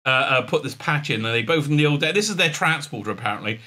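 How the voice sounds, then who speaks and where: A man hosting a sarcastic episode recap, mocking and exasperated, full of halting fillers. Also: mid-range voice, animated, sharp tone. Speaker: show host reviewing a TV episode.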